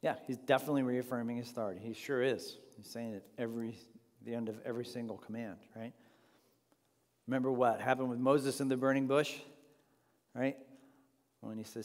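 A man's voice: medium pitch, fairly even intonation, a little fast, in a large hall. A man leading an informal Bible study class, talking conversationally and putting questions to the group.

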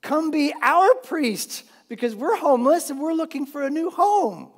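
A man voicing brash, carefree male tribesmen in a loud, high, mocking tone. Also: expressive, normal speed. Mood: breezy. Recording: long hall reverb.

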